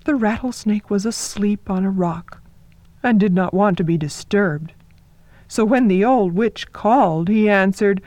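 A woman tells an old folktale at a slow, unhurried pace, her delivery soft and measured. Her pitch sits in a comfortable middle range. The recording is dry and close, with no room sound. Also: no echo. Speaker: storyteller. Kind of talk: folktale narration.

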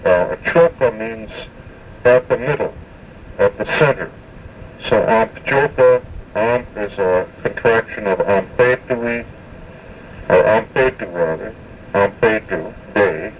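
A man with a lowish voice teaches a spoken language lesson at a very slow, careful pace, repeating each word for its pronunciation and pausing often. He sits a little away from the mic, with a faint hiss under the recording. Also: recorded from a distance, muffled recording.

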